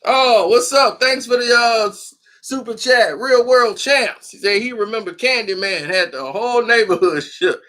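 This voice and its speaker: A man's voice: extremely high pitch, normal speed, hardly any pauses, sharp tone. A man from Chicago hosting a casual horror movie livestream, laughing often and acting out scenes as he talks.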